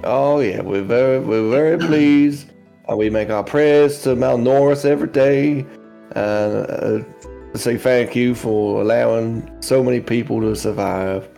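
A man's voice: mid-range voice, a little slow, vocal fry, dark tone, soft background music. A man voicing Great Mama, a folksy, pious older swamp woman with a drawling, homespun manner.

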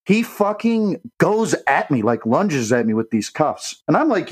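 Animated, profane young man telling a story. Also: fairly high pitch, a little slow, few pauses, husky, low-quality recording. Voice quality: profane, animated, acts out quoted voices. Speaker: podcast co-host. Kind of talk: casual storytelling.

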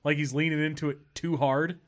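A man's voice: fairly high pitch, fairly even intonation, a little fast. A man co-hosting a podcast in casual chat, teasing and laughing often.

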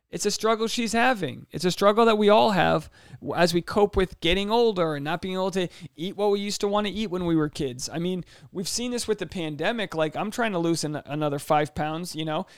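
A man's voice: high-pitched, clean tone, no echo, clean studio sound. A man in his mid-thirties hosting a solo podcast, reading listener questions aloud and giving casual, joking advice. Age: 30s. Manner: casual, jokey advice with quick asides. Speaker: podcast host. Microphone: podcast mic in a home studio.

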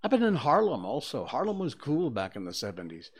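A man's voice: mid-range voice, wildly swooping pitch, brisk, slightly rough. Older man rambling as a talk host. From Connecticut. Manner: conversational, digressive, with many fillers. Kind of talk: rambling opinionated monologue. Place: studio.

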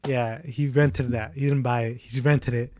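A man's voice: mid-range voice, steady tone, moderate pace, a little mellow. A young man hosting a casual chat, telling a story in a rambling way with lots of fillers.

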